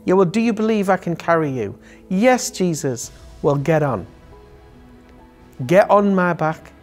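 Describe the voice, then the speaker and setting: A man voicing a gently inviting Jesus. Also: high voice, animated, measured pace, faint music behind. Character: gentle inviting male Jesus figure offering to carry.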